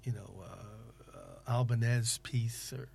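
Gravelly man, rambling interviewer. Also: medium pitch, darkish tone, a little hiss or hum. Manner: rambling, halting, many fillers and restarts. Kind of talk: casual conversation.

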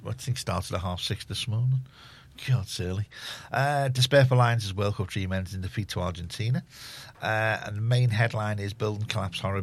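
A male radio presenter, talking into a studio microphone. His voice sits low and carries a gravelly fry. He rambles along easily with plenty of fillers and gently mocks himself as he skims through the papers. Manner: easygoing, rambling, self-deprecating, many fillers. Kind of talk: casual community radio chat and headline reading.

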